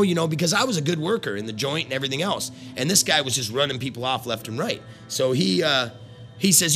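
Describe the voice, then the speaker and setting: A man's voice: mid-range voice, expressive, a little fast, bright, forceful tone, faint music behind. A middle-aged man telling a story in a blunt, rambling, foul-mouthed way. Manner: profane, blunt, swears constantly; rambling with restarts. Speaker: former carnival worker. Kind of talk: casual storytelling.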